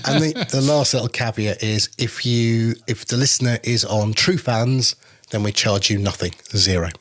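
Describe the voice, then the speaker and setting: A man's voice: medium pitch, normal speed, fairly bright tone. A man co-hosting a podcast, explaining things in casual chat and repeating words as he restarts. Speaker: podcast co-host.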